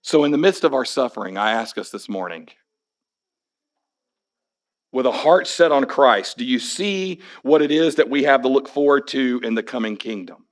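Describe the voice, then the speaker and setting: Hoarse male pastor, forties, personal sermon with wry asides. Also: mid-range voice, expressive, normal speed. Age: 40s. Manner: personal storytelling with wry humor. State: hoarse after illness. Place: church sanctuary.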